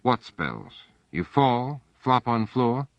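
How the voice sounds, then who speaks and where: A man's voice: medium pitch, big pitch swings, takes it slowly, no echo, voice pushed up. A man voicing a blunt male alien prison healer who speaks childishly in broken phrases with an odd foreign accent. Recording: dull, dry audiobook recording.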